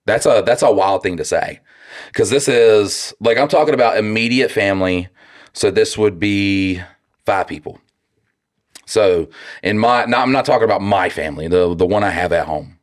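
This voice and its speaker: A very deep-voiced man with a drawl, co-hosting a casual podcast. He rambles, restarts his sentences and swears freely. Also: moderate pace. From North Carolina. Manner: blunt and profane, rambling with restarts. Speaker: podcast co-host.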